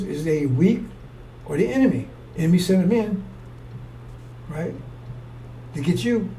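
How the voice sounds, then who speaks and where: A man's voice: on the high side, warm tone. A man preaching a rambling, fiery sermon in a blunt, profane way. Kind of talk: fiery street-style sermon. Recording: distant mic with faint noise.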